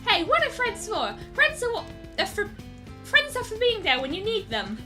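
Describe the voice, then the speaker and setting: A woman voicing an eager, loyal young dog friend in a high, chirpy voice, with game music behind. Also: wildly swooping pitch, moderate pace, pushed and bright, full character voice. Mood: earnest.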